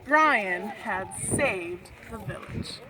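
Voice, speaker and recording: A woman teacher reading a picture book aloud to children in a lively voice, outdoors on a windy clifftop. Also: medium pitch, drawn-out words. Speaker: elementary school teacher. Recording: loud wind noise outdoors.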